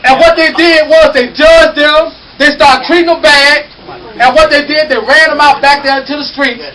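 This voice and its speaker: A man's voice: very high-pitched, fairly even intonation, moderate pace. A man preaching a fiery call-and-response sermon in a church, repeating "come on, somebody" to rouse the congregation. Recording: distant mic with loud congregation.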